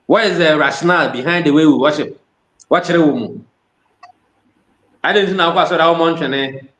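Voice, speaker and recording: A man's voice: fairly high pitch, normal speed, a bit bright, roomy sound. A man with a Ghanaian accent preaching a sermon, switching between Twi and English phrases.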